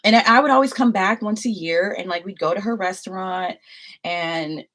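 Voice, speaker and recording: A woman's voice: lowish voice, moderate pace, fairly bright tone. A young adult woman vlogger telling a personal story to her viewers in a casual, rambling way, full of "like" and asides.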